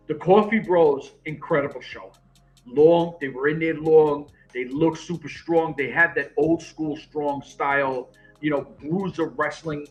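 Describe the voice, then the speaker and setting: A man's voice: fairly high pitch, highs cut off. A man co-hosting a wrestling podcast, telling stories in casual chat, swearing freely and acting out what his friends said. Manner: animated storyteller, swears freely, acts out quoted friends. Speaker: podcast co-host.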